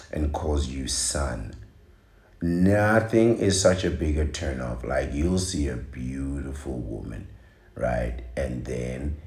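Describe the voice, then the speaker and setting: Male podcast host, dark mellow voice, slow mocking rant. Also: rumbling low, reverberant. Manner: ranting, mocking, repetitive exclamations. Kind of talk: opinionated monologue.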